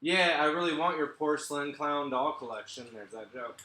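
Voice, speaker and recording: A man doing a stand-up set for a live stream, sardonic and deadpan, laughing at his own jokes. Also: a little high, moderate pace, roomy sound. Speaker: stand-up comedian.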